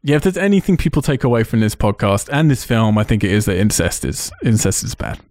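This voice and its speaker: A man's voice: on the low side, sing-song, fast, darkish tone, no room sound, clean studio sound. A man hosting a casual podcast, retelling a film's scenes with swearing and laughs. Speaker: podcast host. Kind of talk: casual film review chat.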